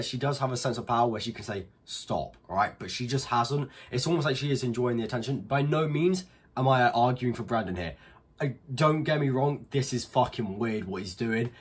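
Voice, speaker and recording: A man's voice: medium pitch, slightly rough. A man hosting an unscripted reaction video, talking bluntly with disbelief and swearing freely.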